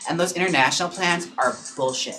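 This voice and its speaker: A young adult man who performs in drag chats casually on a live stream, reading viewer comments in a gossipy way. His voice is fairly high, peppered with "like" and "girl" and quick laughs, over background music on a low-quality recording.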